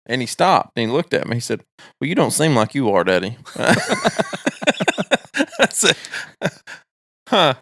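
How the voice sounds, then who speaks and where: Man, casual podcast co-host, storytelling, mid-pitched, dry close recording. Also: fairly bright tone, no echo. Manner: storytelling, laughs at his own anecdotes. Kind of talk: casual chat.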